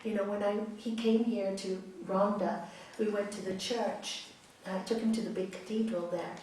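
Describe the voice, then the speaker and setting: A woman's voice: mid-range voice, fairly even intonation, moderate pace, a little mellow, a little hiss or hum. A woman yoga teacher giving an emphatic spiritual talk, repeating phrases and checking in with her listeners. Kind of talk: spiritual talk answering audience questions. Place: large hall. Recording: echoey hall, mic far off.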